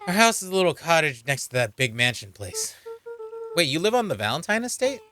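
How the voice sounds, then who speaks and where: A streamer voicing a blunt, bossy young girl in a game, in a deliberately lowered voice with curt, commanding lines. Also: sing-song, sharp tone, faint music behind. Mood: wry.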